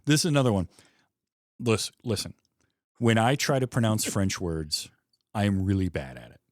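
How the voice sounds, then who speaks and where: A man with a Michigan Midwest accent hosts a casual film podcast, full of chatty enthusiasm. His voice sits on the low side, and it is recorded close and dry, with no room sound at all. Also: sing-song, no room sound. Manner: chatty, enthusiastic, quick asides. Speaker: podcast host.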